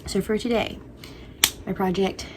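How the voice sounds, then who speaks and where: A woman's voice: mid-range voice, steady tone, a little slow, noisy background. A woman crochet vlogger chatting casually at home, rambling and playful with spooky asides. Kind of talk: casual chat.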